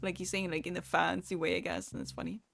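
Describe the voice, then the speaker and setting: A woman's voice: fairly low pitch, sing-song, fast, vocal fry, a bit bright, soft background music. A young woman from the Netherlands with a Dutch accent, chatting casually on a live stream and laughing often.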